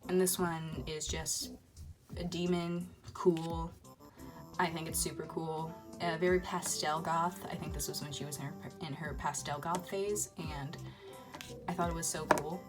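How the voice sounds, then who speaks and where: Woman vlogger, low voice, casual and rambling, filler-heavy. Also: fairly even intonation, measured pace, over music. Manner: rambling, lots of ums and uhs. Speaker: toy-figure video maker. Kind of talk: casual chat.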